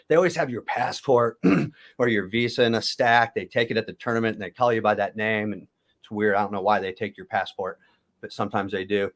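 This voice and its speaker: A low-pitched middle-aged man recounts old competition stories in a loose, rambling way. He restarts and corrects himself often, and chuckles at his own tales. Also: fairly even intonation, a little fast. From United States. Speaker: interview guest, former wrestler. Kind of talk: casual storytelling.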